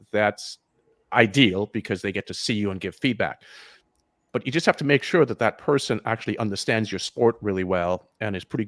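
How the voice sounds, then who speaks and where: A man's voice: fairly low pitch, no room sound, studio quality. A man who coaches triathlon swimming, giving frank advice in a casual live interview over a video call, with many restarts.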